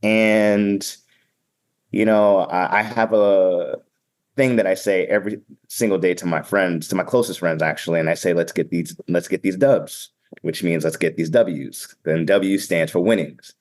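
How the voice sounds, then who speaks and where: Energetic, blunt male emcee with a Boston accent and a lowish voice, casual interview guest. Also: a little slow. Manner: energetic, upbeat and sometimes blunt. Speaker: event emcee and keynote speaker.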